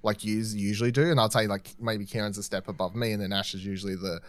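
A man co-hosting a casual podcast, tossing in quick wry asides and laughing easily. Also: lowish voice, fairly even intonation, no echo. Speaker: podcast co-host. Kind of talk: casual pop-culture chat.

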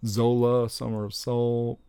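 A young man chatting casually about upcoming movies, rambling and excitable, with frequent exclamations. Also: medium pitch, slow pace, smooth, dry recording.

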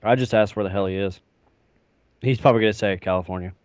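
Laid-back, low-voiced male co-host. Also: fast talker, a little mellow, no room sound. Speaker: podcast co-host. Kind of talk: casual chat.

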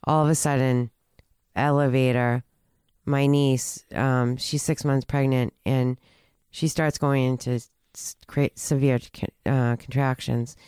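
Smooth-voiced woman telling a personal story. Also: extremely low pitch, little pitch movement, a little mellow, no echo, studio quality. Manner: halting, many restarts and fillers, earnest. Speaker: guest telling her recovery story.

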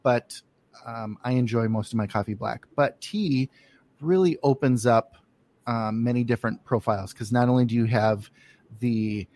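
A man's voice: medium pitch, normal speed, darkish tone. A man hosting a casual interview, talking with many fillers and restarts as he asks questions. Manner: hesitant, lots of fillers and restarts. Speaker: podcast host.

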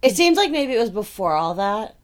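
A woman's voice: medium pitch, very animated, a little fast. A woman co-hosting a podcast in casual chat, rambling with lots of filler words and laughing often. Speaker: podcast co-host.

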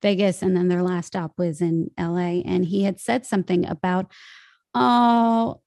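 A woman from Chicago, a voice coach guest on a podcast, telling a story in a lively way and laughing often. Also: on the low side, moderate pace, no room sound, clean studio sound. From Chicago, US Midwest. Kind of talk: casual interview chat.

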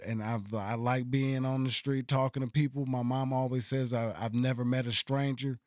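A man's voice: medium pitch, level tone, normal speed, smooth, no room sound. Profane storytelling man, dry close sound. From Dallas, Texas. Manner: storytelling, profane, laughs often, playful voice impressions. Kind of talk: casual chat.

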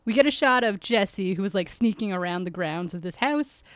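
A woman talks casually on a podcast, summing up an episode and breaking into laughs often. Her voice sits at an ordinary pitch and sounds dry, with little room around it. She plays out little quotes as she goes. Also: lively intonation, moderate pace, a bit bright, no room sound. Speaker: podcast co-host. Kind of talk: casual chat recapping an episode.

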